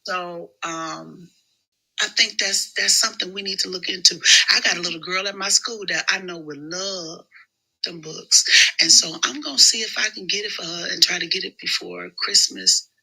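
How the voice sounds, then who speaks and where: Bright, animated woman telling stories. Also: lowish voice, normal speed, gravelly, husky, low-quality recording. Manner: animated, storytelling. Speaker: schoolteacher. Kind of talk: casual chat.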